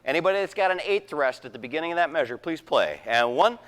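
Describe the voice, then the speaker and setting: A man's voice: on the high side, animated, fast, a bit bright. A man conducting a wind band rehearsal, counting off and singing rhythms aloud. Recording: echoey hall.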